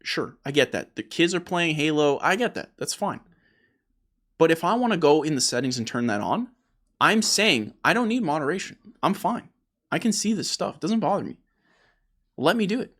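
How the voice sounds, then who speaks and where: Man, host of gaming talk, emphatic, lively swings in pitch, slightly high voice, restarts his sentences. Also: moderate pace. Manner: emphatic, animated, repeats words when starting a point. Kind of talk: opinionated gaming discussion.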